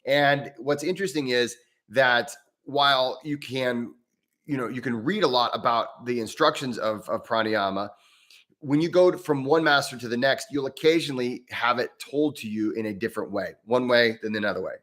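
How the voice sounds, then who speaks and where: A man's voice: mid-range voice, moderate pace, a bit bright. A man hosting a live Q&A as a breathwork coach, explaining in an earnest way and thinking aloud as he answers member questions.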